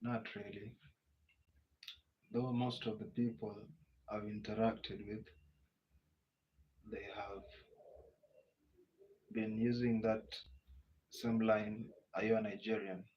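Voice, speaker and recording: A man's voice: fairly low pitch, little pitch movement, slow, long pauses. A Kenyan man with a Kenyan English accent hosting a casual live Q&A, reading out viewer comments and answering them in a chatty way. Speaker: livestream host. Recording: muffled lo-fi audio with faint background noise.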